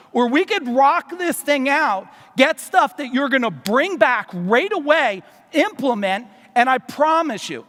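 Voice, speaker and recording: A man from New Jersey giving a loud, fast, profane motivational business seminar to a live audience in a large hall. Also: very high voice. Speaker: business speaker. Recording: long reverb of a large hall.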